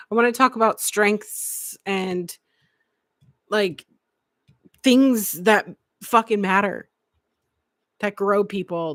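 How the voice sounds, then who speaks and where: A woman's voice: mid-range voice, no room sound, studio quality. A woman hosting a live podcast, speaking candidly and emotionally and swearing freely. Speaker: podcast host.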